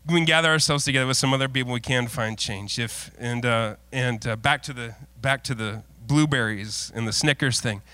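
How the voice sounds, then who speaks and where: A middle-aged male pastor preaching a sermon, mixing folksy, self-deprecating stories with earnest, lowered exhortation. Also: fairly quick, hardly any pauses, bright, forceful tone, smooth, dry recording. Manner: folksy, self-deprecating storytelling with frequent laughs.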